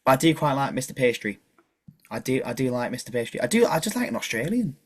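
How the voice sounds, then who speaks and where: A man's voice: mid-range voice, sing-song, fast talker, a crowd in the background. A man chatting casually as a podcast guest, talkative and self-deprecating. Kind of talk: casual chat.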